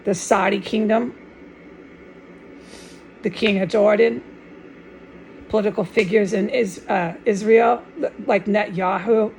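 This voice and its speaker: Gravelly-voiced woman in a rambling monologue. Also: medium pitch, steady tone, unhurried, pauses often, a little mellow, poor audio. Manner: rambling, restarts often, drops in Spanish words; fervent and insistent. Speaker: online video maker.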